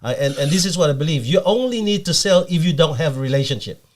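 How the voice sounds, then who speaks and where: A man's voice: a little high, animated, quick pace. A man hosting a podcast interview, encouraging and complimentary toward his guest. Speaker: podcast host.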